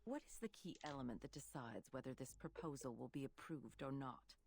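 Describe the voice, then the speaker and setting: An actress voicing a shrewd, commanding female vice president who speaks in a measured, stern and formal way in a game. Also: extremely low pitch, gravelly, a little mellow. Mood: pointed.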